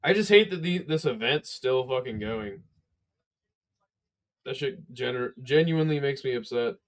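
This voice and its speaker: A man's voice: medium pitch, expressive, normal speed. A sleepy man calls a fight on a live stream in a casual, laid-back way and swears freely. His voice sits in a middling range and sounds worn out. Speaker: livestream fight commentator. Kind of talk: casual live play-by-play commentary.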